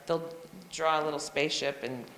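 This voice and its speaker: This woman's voice sits low, with fairly even intonation, a brisk pace and a fairly bright tone. She's a reading teacher explaining phonics to other teachers in a professional development talk, sounding out letters and spellings as she goes, and the room gives off a long hall reverb.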